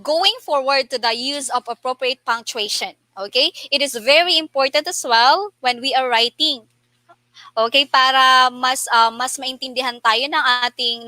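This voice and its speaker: A woman's voice: sits high, pushed and bright, dry recording. A woman with a Filipino accent teaching a spelling lesson online, talking in a repetitive way with many okays and slipping into Tagalog now and then. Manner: repeats herself, many okays; code-switches into Tagalog.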